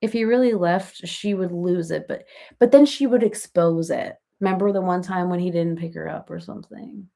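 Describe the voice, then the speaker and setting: A female comedian does a comic impression of a chatty reality-TV mom on a parody live stream, rambling through gossip and family stories and laughing as she goes. Her lowish voice is creaky and warm, at normal speed.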